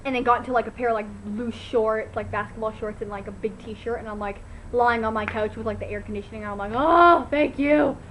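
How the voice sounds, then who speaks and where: Chatty teenage girl with a higher voice. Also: quick pace, slight background noise, low-quality recording. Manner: chatty, animated storytelling, full of "like" and fillers. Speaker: vlogger. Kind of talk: casual chat to camera. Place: at home, indoors.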